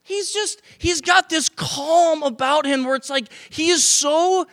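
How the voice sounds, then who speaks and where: A male pastor preaching a sermon to a congregation, animated and acting out quoted voices. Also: very high voice, a little slow, no room sound, clean studio sound. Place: church sanctuary.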